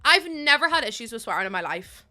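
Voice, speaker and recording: A woman's voice: a little high, fast. A young woman with a Northern Irish accent, chatting casually and giggling with her live chat as a streamer. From Northern Ireland. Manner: chatty, giggly, loose and animated.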